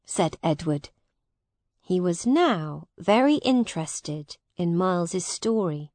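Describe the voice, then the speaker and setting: Very slow woman storybook narrator. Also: on the low side, a little mellow, no room sound. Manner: slow, clear and deliberate.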